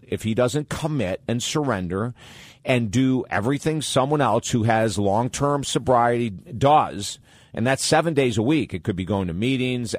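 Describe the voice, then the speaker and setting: A man hosting an advice talk show, answering listener questions in a blunt, animated and candid way. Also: mid-range voice, dry recording, clean studio sound.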